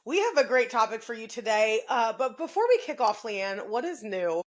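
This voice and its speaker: Woman, thirties, podcast co-host, casual chat, upbeat, chatty, slightly high pitch. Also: expressive, normal speed. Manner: upbeat, chatty, laughs often.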